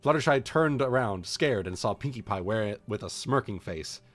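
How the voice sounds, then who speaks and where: A man's voice: on the low side, expressive, normal speed, faint music behind. A man reading a fan story aloud on a livestream, amused and ad-libbing asides. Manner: amused, breaks into laughter, ad-libs. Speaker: streamer reading fan stories.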